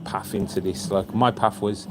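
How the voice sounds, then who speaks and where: A man's voice: lowish voice, steady tone, normal speed, noisy background. A man, a tailor and shirtmaker, chatting casually and telling a rambling story with many fillers. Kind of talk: casual chat.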